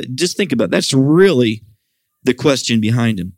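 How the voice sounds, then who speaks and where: A man's voice: mid-range voice, lively intonation, normal speed, no room sound. A middle-aged man preaching a sermon at a church service, talking animatedly and raising his voice for quoted questions. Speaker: pastor.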